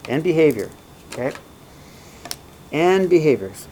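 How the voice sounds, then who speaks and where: A man's voice: on the high side, animated, moderate pace, warm tone, a little hiss or hum, poor audio. A man teaching a recorded math lesson in a casual way, often checking in with "right?" and "okay?".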